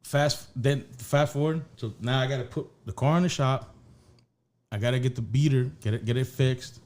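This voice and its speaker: A man's voice: medium pitch, normal speed, darkish tone. Rambling, profane man telling stories. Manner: rambling, profane, restarts often. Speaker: podcast co-host. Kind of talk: casual storytelling chat.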